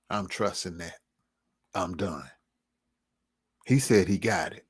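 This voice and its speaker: A man vlogging a personal testimony in an earnest, reflective storytelling manner, casual in speech and at times dropping to a near hush. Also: sits low, slow pace, long pauses, slightly rough.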